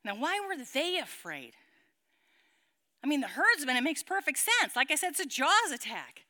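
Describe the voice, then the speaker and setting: A woman's voice: high voice, very animated, moderate pace, sharp tone. A woman teaching a Bible passage to a group in a dramatic way. She keeps checking in with her listeners and acts out the story's sound effects.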